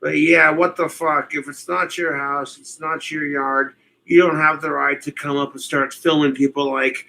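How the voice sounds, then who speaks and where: Man, streamer, reaction commentary, bright edgy tone, rambling and profane, mocking impressions. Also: a little high, takes it slowly, poor audio.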